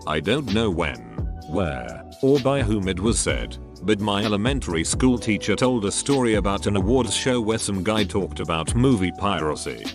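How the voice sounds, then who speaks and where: Lively low-voiced man reading comments. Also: moderate pace. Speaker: narrator. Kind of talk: reading online comments aloud. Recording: background music under the voice. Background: music.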